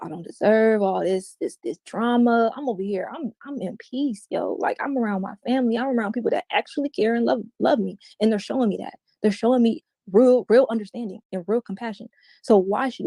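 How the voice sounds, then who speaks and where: A woman's voice: mid-range voice, gravelly, dark tone, no room sound, studio quality. A woman as an interview guest, giving a candid, emphatic personal account in slangy everyday speech.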